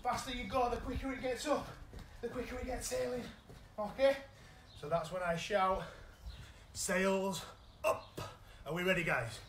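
A man with a British accent coaching children's football in a live online session, giving energetic, encouraging instructions. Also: very high voice, fairly quick, reverberant, a little hiss or hum, rough recording. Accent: British English. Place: indoors at home.

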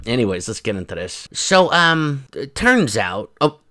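A man's voice: mid-range voice, very animated, unhurried, sharp tone. A man hosting a casual commentary vlog, talking to his viewers in a chatty, rambling way with mocking asides. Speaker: commentary channel host.

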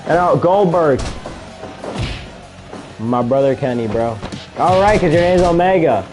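Young male gamer, slightly high voice, excitable play-by-play over faint game music. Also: unhurried. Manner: excitable play-by-play, shouts at big moments, mutters asides. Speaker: gaming video creator. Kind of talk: casual gameplay commentary.

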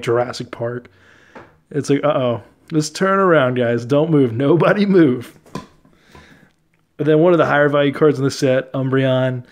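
A young man casually talking through his trading card collection, relaxed and chatty, often laughing and using fillers. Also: medium pitch, gravelly. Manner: relaxed, chatty, easily amused, many fillers.

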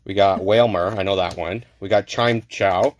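A man's voice: low-pitched, steady tone, normal speed. A man casually chatting as he opens trading card packs, fussing over his camera setup. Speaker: card opening host. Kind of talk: casual card opening chat.

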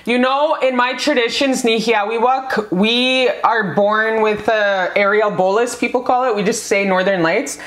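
A bubbly woman with a fairly high voice chats her way through a tarot reading, gushing and cursing freely. She is from North America. Her voice carries the echo of the room she records in. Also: unhurried, hardly any pauses. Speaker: tarot reader. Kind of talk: casual tarot reading vlog. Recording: echoey room.

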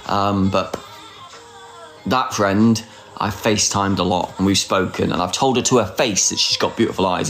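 A man's voice: fairly low pitch, brisk, fairly bright tone, faint music behind. A man in his forties hosting a casual phone livestream, teasing, flirty and sarcastic, and often mocking himself. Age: 40s. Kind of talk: casual live chat.

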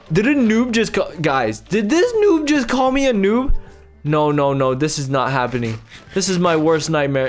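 Young man, high voice, very animated pitch, exasperated gaming commentary, loud outbursts. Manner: exasperated, loud outbursts, addresses viewers as guys. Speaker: YouTuber playing a video game. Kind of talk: excited gameplay commentary.

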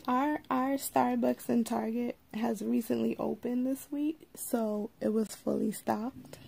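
A woman's voice: on the high side, gravelly, warm tone, a little hiss or hum. A woman hosting a casual live unboxing, chatting to viewers and greeting them by name. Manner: slow, drawn-out delivery with frequent asides. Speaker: livestream host.

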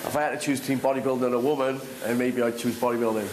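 A man's voice: mid-range voice, fairly even intonation, racing, darkish tone, slight background noise, poor audio. Jokey man, laughing through his talk. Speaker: gym owner. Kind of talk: interview.

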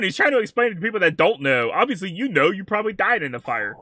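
Excitable man reacting with bright animated voice. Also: fairly high pitch, fast talker, few pauses, slight background noise. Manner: jumpy, exclaims and laughs, talks to the viewer casually. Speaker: reaction video host.

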